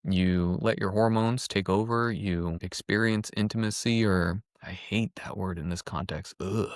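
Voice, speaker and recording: A man's voice: lowish voice, fairly even intonation, measured pace, smooth, no echo, clean studio sound. A man co-hosting a podcast, thinking aloud casually and reflectively with frequent restarts. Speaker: podcast co-host. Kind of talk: casual chat.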